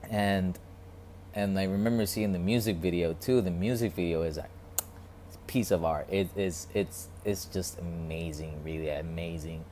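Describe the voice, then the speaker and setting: A man with a very low voice muses in a casual, reflective vlog, halting and repeating himself as he searches for words. A faint noise hums behind him. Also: fairly even intonation, mellow. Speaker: vlogger.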